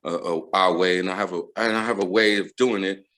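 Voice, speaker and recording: A man's voice: deep voice, fairly even intonation, a little fast, fairly bright tone. Laid-back man, playful interview guest. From United States. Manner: laid-back, playful, laughs often, many fillers. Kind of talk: casual interview chat.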